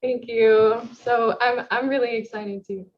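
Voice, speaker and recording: A woman's voice: fairly high pitch, fairly even intonation, measured pace. A young woman game developer chatting in an interview, friendly and rambling with many ums. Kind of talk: casual interview chat. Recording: dull lo-fi mic with faint noise.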